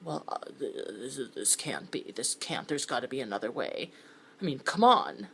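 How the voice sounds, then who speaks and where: A woman's voice: sits low, a little fast, a little hiss or hum, natural voice. A woman voicing a stammering, cornered man. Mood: panicked. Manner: stammering, pleading then scoffing. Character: panicking indebted man caught in a blackmail.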